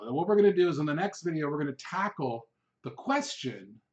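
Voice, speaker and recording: A middle-aged man giving a sales training talk, telling stories with animated delivery and acting out his past outbursts. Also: a little high, lo-fi sound. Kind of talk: training video monologue.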